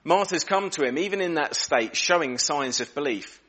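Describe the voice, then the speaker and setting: A man preaching a sermon in a church, earnest and reflective, slowing down and dropping his voice for emphasis. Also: a little high, lively intonation, a bit bright. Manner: earnest, reflective, varies pace and volume for emphasis.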